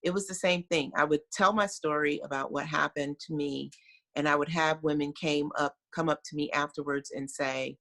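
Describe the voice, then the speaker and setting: A woman's voice: low-pitched, fairly even intonation, moderate pace, a bit bright. A middle-aged American woman, a guest on a video call, telling her story in an earnest, reflective way with many fillers. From United States.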